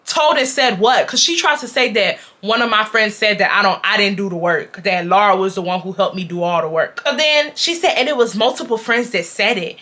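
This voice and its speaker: A young woman in her twenties from Houston, speaking, telling a storytime to viewers in a blunt, profane, animated way. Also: mid-range voice, fairly quick, hardly any pauses. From Houston, Texas. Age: 20s. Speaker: vlogger.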